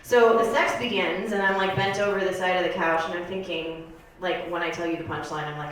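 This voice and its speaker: A woman of thirty doing a stand-up comedy set on a club stage, rambling and deadpan, with plenty of filler words. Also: lowish voice, fairly quick, few pauses, a little hiss or hum. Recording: echoey club room from far off.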